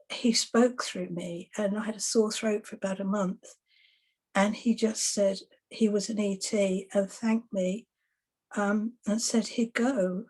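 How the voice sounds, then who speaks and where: Woman, exorcist and soul rescuer, casual storytelling, chatty, mid pitch. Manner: relaxed, chatty, recounting past client sessions.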